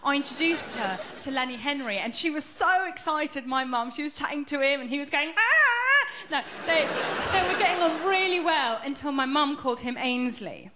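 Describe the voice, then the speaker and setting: A woman from Iran, doing a stand-up routine on stage, chatty with deadpan punchlines. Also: high-pitched, brisk, background noise. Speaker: stand-up comedian. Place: large theatre with a live audience. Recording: echoey theatre with a faint crowd.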